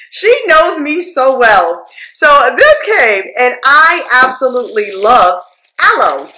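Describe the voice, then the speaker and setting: Gushing woman beauty vlogger, echoey room. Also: a little high. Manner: gushing, excitable, talks straight to viewers. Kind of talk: unboxing vlog.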